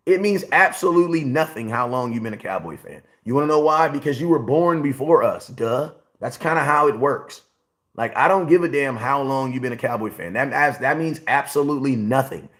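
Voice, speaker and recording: A man's voice: mid-range voice, expressive, brisk, a bit bright. A forty-year-old man hosting a casual sports livestream, talking bluntly and repeating himself as he answers his chat. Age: 40s. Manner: blunt, repetitive, talks straight to chat.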